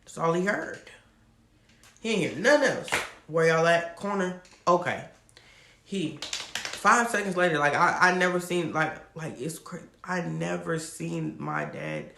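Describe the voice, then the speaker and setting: A man telling a personal story to camera in a casual, animated, slangy way. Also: fairly high pitch, measured pace, creaky, reverberant, noisy background. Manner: animated, slangy, laughs often. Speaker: storytime vlogger.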